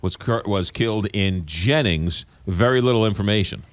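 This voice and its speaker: A man's voice: lowish voice, normal speed, no echo. A man hosting a radio morning show, joking and upbeat, repeating key details for listeners. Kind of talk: casual radio interview banter. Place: radio studio. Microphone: studio microphone.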